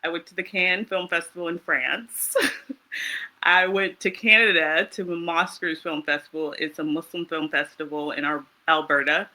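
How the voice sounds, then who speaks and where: An American woman telling travel stories in casual chat, animated and laughing often. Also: lowish voice, moderate pace. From United States. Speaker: interview guest.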